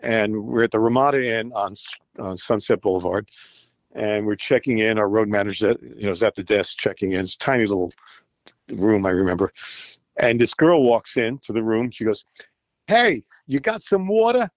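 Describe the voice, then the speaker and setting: A man's voice: on the low side, brisk, no echo. Older man telling stories animatedly. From United States. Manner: animated, acts out quoted voices. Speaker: guest musician. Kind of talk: storytelling interview.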